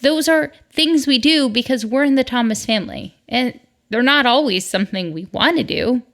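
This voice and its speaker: A middle-aged woman from the northern United States hosts a solo podcast, chatty and upbeat with asides. Her voice is a little high and a bit bright, at a moderate pace.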